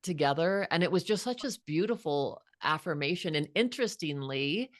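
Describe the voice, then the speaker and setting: A woman's voice: low-pitched, animated, normal speed, no echo, studio quality. A woman in her fifties, a guest author, telling a personal story in an earnest, reflective way with frequent restarts. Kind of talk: heartfelt storytelling.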